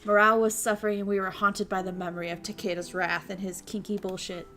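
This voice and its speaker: A woman VTuber casually streaming a visual novel, reading it aloud with excitable, crude, giggly commentary. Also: medium pitch, quick pace. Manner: crude, excitable, laughs and swears often.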